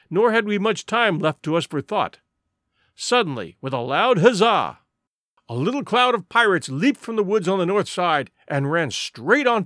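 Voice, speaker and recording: A man's voice: high voice, a bit bright, dry recording, clean studio sound. A man narrating an adventure audiobook in a vivid, dramatic storytelling manner.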